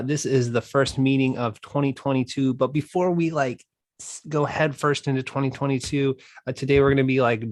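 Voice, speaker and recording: A man's voice: mid-range voice, no echo. A man hosting a group video call, talking in an upbeat, rambling way with many fillers. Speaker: host of a group coaching call.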